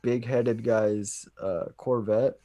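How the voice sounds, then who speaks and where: A man's voice: medium pitch, fairly even intonation, slow, muffled recording. A young man on a laid-back podcast who keeps laughing and swearing as he talks about a movie. He often cuts in to correct or add to the story. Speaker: podcast co-host. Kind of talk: casual chat recapping a movie.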